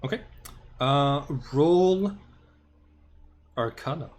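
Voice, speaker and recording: A man's voice: fairly high pitch, expressive, extremely slow, darkish tone. A man running a tabletop game as game master, hesitant and full of filler sounds, on a headset. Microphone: headphones with microphone.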